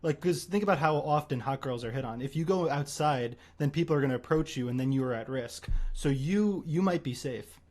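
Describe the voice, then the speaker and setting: Deadpan, rambling young man. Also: fairly high pitch, fairly quick, few pauses. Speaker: streamer host. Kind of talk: casual livestream chat.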